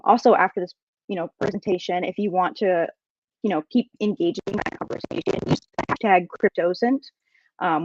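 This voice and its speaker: Bubbly, excitable woman hosting a live show. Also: on the low side, dry recording. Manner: bubbly, excitable, exclaims a lot. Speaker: guest host. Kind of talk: live podcast opening, greeting chat viewers. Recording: dry, slightly dull sound.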